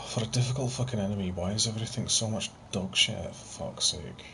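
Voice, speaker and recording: Sweary gamer, lowish voice. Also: male voice, moderate pace, creaky, pushed and bright. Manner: sweary, joking, sighs often. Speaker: gamer playing with friends online. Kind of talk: casual gameplay chat. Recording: noisy game capture.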